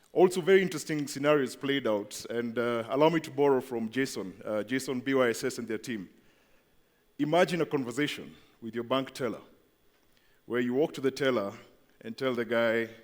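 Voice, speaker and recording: A man giving a presentation to an audience, chatty and asking the crowd questions. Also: medium pitch. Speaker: company speaker at event. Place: large event hall. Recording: long hall reverb.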